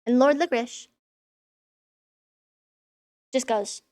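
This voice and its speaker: A woman's voice: fairly high pitch, moderate pace. Irreverent young woman ranting sarcastically. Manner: irreverent, sarcastic, swears freely. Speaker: vlogger. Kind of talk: casual recap commentary. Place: room in a school.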